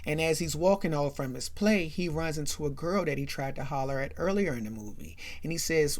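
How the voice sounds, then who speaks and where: A woman's voice: low voice, a little fast, hardly any pauses. A woman hosting a chatty, casual movie recap, often checking in with "right?". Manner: chatty, animated, keeps asking "right?". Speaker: host.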